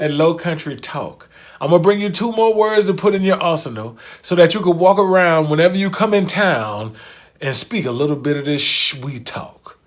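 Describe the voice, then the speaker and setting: A man's voice: fairly high pitch, lively intonation, moderate pace. A man introducing a podcast episode in a teasing, hyped way. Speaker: podcast host. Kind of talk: show introduction.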